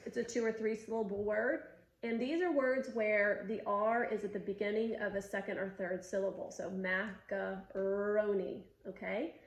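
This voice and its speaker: A patient woman teacher coaches speech sounds in short cues and slow, drawn-out demonstrations. Her mid-range voice carries a noticeable room echo. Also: medium pitch. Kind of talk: instructional demonstration. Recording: roomy echo.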